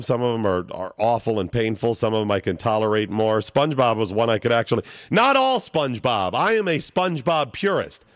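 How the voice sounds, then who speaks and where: A man hosting a talk radio show, joking and chatty with callers and guests. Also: mid-range voice. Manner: animated, joking.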